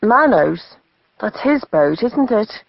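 A woman's voice: medium pitch, big pitch swings, takes it slowly, vocal fry, no echo, dull audio, voice pushed up, full character voice. A woman voicing an anxious young male tourist in an audiobook. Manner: anxious, questioning.

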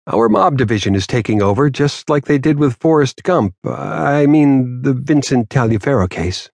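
A man's voice: medium pitch, expressive, moderate pace, darkish tone, no room sound, pitched above the performer's own voice. A man voicing an irritated, no-nonsense female police detective. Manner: clipped, impatient. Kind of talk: audiobook character voice.

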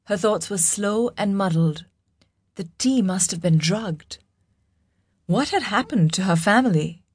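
A woman narrating a fantasy audiobook in a measured, dramatic storytelling manner. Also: medium pitch, darkish tone, breathy edge, dry recording.

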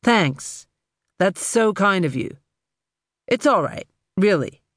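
Lady narrator doing a masked robber guy, soft, slow, creepy polite, almost soothing. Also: mid-range voice, expressive, no echo, studio quality. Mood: calm, polite menace. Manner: mockingly polite. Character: calm, soft-spoken masked male robber boss.

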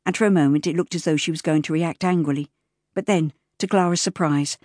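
Low-voiced woman narrating a novel. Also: no echo, studio quality. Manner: measured, even storytelling. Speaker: audiobook narrator. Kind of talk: scripted narration. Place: recording studio. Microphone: close studio mic.

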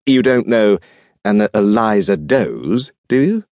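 A male audiobook narrator voicing a composed middle-aged antiques dealer who speaks in a dry, measured, understated way. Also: on the low side, expressive, darkish tone, dry recording. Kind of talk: audiobook character reading.

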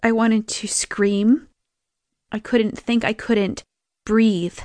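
A woman's voice: fairly high pitch, fairly even intonation, drawn-out words, darkish tone, no echo. A young woman reading a first-person audiobook in a tense, emotive storytelling manner. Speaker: audiobook narrator.

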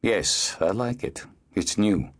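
A man's voice: lowish voice, animated, takes it slowly. A man voicing an earnest young man who answers tersely and hesitantly. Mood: guarded.

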